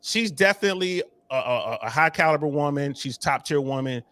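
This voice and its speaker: A man talking as a podcast guest in casual chat. He is animated and slangy and often repeats words as he goes. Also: a little high, fairly quick, no echo.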